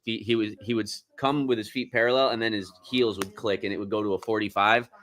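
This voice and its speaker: A man's voice: on the low side, steady tone, fast talker, fairly bright tone. A man on a podcast, rambling through profane, restart-filled stories as a Marine veteran in casual chat.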